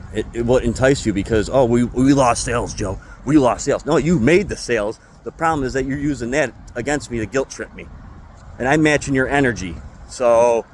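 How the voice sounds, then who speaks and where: A man's voice: mid-range voice, slight background noise. A man venting angrily and with lots of swearing in a casual vlog about his retail job. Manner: angry, profane ranting. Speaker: retail store employee.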